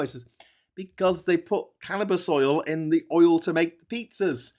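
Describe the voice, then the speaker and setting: A man's voice: fairly high pitch, normal speed. A man hosting a livestream, telling a rambling travel story in a chatty way. He often breaks off mid-sentence and laughs at his own story. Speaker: livestream host.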